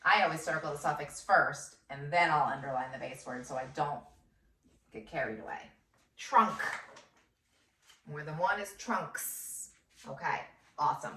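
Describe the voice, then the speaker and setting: A first grade teacher woman dictating a phonics lesson, sounding out words slowly and clearly syllable by syllable. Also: sits low, bright, forceful tone, a little hiss or hum. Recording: echoey room, voice from a distance.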